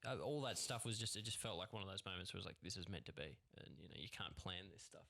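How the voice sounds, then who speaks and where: A young Australian filmmaker chatting on a podcast in an easygoing, agreeable way. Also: male voice, low voice, quick pace, vocal fry, pushed and bright. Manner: easygoing, agreeable, lots of yeps. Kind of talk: casual podcast chat.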